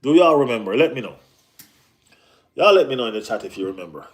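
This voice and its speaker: A man hosting a casual live football chat, talking in an animated way with lots of slang and repeated phrases. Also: mid-range voice, fast talker. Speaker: football channel host.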